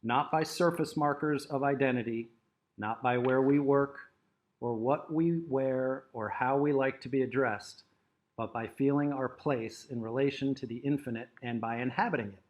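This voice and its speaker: A middle-aged man co-hosting a talk, soft-spoken and easygoing, reading a passage aloud at a slow, measured pace. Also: mid-range voice, steady tone. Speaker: co-host. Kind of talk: casual chat and reading aloud.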